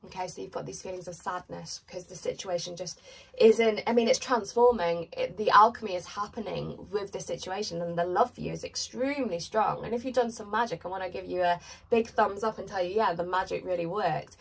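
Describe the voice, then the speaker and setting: A woman's voice: mid-range voice, fairly quick, vocal fry, breathy edge, distant mic, rough recording. A woman giving a chatty, rambling pick-a-card tarot reading while congested with a cold. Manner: chatty, rambling, filler-heavy. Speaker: tarot reader.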